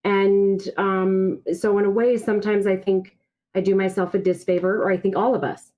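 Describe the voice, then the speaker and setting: A woman's voice: medium pitch, flat delivery, moderate pace, warm tone, low-quality recording. A woman from Brazil, a native Portuguese speaker, speaking as a podcast guest over a video call and telling her personal story in a candid, reflective way. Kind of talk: casual podcast conversation.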